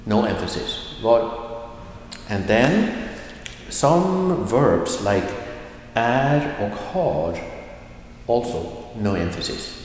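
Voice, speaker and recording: Male language teacher, unhurried and patient, repeats examples; roomy, reverberant recording. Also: lowish voice, very animated, slight background noise. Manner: repeats example sentences slowly, then explains each word. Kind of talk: slow explanatory lesson. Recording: echoey room with long reverb.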